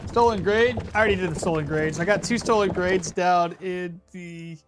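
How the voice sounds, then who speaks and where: A man with a notably high voice talks loosely over a live game stream. He rambles off into side stories, trails off mid-thought and chuckles often. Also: normal speed, noisy background. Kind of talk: casual live-stream chat while playing.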